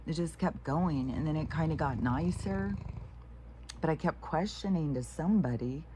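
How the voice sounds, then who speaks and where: A woman's voice: low-pitched, moderate pace, mellow, a little hiss or hum. Rambling, foul-mouthed woman venting. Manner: meandering, frank and profane, with many restarts. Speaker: vlogger. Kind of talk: rambling casual monologue.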